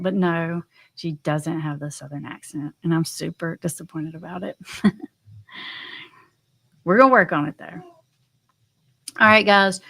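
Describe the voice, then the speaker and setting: A woman's voice: medium pitch, fairly bright tone. A woman hosting a casual live stream, chatting to her viewers in a loose way with frequent ums and light laughs.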